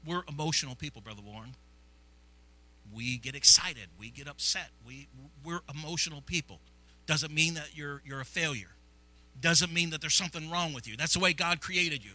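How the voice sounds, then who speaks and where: A man from Illinois preaching a sermon as pastor, fervent and repetitive, swinging from hushed confession to loud exclamations in a church sanctuary. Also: on the high side, normal speed, poor audio.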